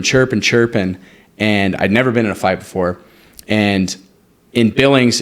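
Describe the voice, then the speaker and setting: A young man with a somewhat low voice, talking as a podcast guest. He tells a long personal story in a loose, chatty way. He drops his voice to act out the people he quotes. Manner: animated, acts out quoted dialogue, frequent "like". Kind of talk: casual storytelling.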